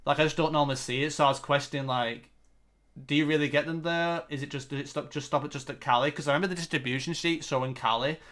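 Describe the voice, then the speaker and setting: A man's voice: a little high, steady tone, quick pace, fairly bright tone. Frustrated man ranting. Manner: frustrated, self-critical ranting. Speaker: competitive game player. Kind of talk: live-streamed match commentary.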